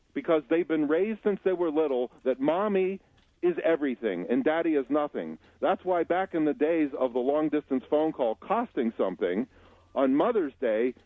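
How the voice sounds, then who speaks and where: Man, radio guest by phone, blunt, lively pitch, tinny phone line. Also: no echo. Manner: blunt, declarative. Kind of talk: opinionated commentary on a radio call-in show.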